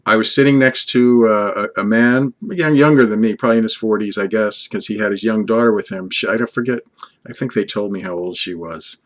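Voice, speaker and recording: An older man from Long Island speaks in a slightly low voice, rambling on earnestly in a casual vlog. He talks fondly to an unseen companion, piling on praise and drifting between thoughts. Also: fairly even intonation, a little fast. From Long Island, USA. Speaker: vlogger.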